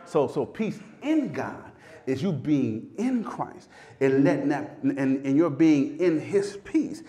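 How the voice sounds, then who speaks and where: A man preaching a sermon with fervor, repeating phrases and swinging from loud peaks to hushed lows. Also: expressive, slow.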